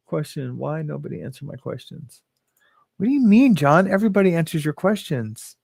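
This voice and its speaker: A man's voice: fairly high pitch, sing-song, normal speed, vocal fry, darkish tone, husky, dry recording. A man hosting a casual livestream from his home, chatting loosely, reading viewer comments aloud and laughing often. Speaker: host. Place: home living room. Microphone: webcam or phone in his home.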